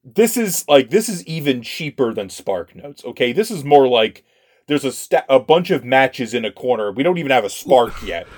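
A man co-hosting a casual chat, animated and full of stammering restarts. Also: medium pitch, normal speed.

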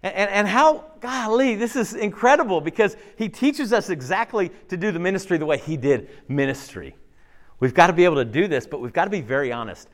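Man, pastor, casual sermon, chatty, fairly high voice, very lively pitch. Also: fairly quick. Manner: conversational, with frequent fillers and rhetorical checks; animated, swinging between loud emphasis and soft low asides.

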